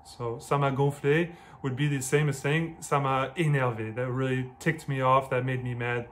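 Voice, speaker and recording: Seorang pria beraksen Amerika menjelaskan kosakata Prancis dengan santai, sering mengulang dan meralat kalimatnya, suaranya bernada sedang. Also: male voice, medium pitch, fairly even intonation, moderate pace, fairly bright tone, a little hiss or hum. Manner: explanatory, repeats and rephrases, frequent restarts. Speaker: language teacher. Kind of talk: casual spoken lesson.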